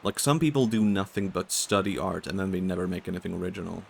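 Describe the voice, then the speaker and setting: Swedish guy streaming, monotone low voice, kinda gravelly. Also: fast talker, a little hiss or hum. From Sweden. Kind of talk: casual gaming commentary.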